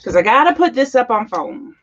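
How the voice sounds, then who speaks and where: A woman's voice: on the high side, sing-song, a little fast, fairly bright tone, highs cut off, slight background noise. A middle-aged woman, chatting casually and gushing as she works on a scrapbook page at her craft desk. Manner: chatty, gushing, talks while working. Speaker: teacher and crafting channel host. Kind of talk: casual chat while scrapbooking.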